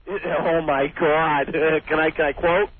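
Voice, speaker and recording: A man with a Boston accent calling in, yelling excitedly into the phone. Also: fairly high pitch, a little slow, natural voice. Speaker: caller. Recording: tinny phone line.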